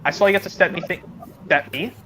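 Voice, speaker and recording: A man's voice: sits high, fast, sharp tone, a little hiss or hum. A man streaming a casual chat, rambling and hesitant, with many restarts, heard over a video call.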